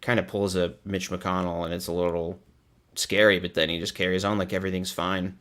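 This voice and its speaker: A man's voice: sits low, flat delivery, fairly quick, fairly bright tone. A man hosting a casual video commentary, sarcastic and joking, often breaking into laughter. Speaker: YouTube commentary host.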